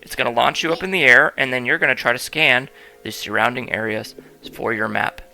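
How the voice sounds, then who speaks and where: Figure: perky young woman scientist in a video game, put on by a man. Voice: raised, gravelly, bright. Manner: chirpy, bossy instructions. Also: medium pitch, a little fast. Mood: instructive.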